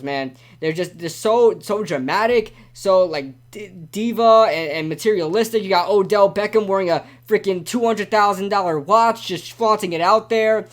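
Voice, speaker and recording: A young man hosting a casual live-stream sports talk show, rambling and ranting animatedly with lots of repeats. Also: high-pitched.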